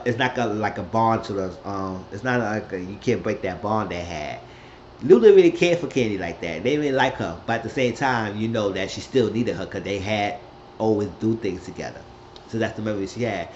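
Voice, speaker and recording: A man recapping a TV episode in a loose, rambling way, jumping into characters' lines with a raised, lively voice. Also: normal speed, lo-fi sound, slight background noise. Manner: rambling, acts out quotes with raised pitch. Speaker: recap host.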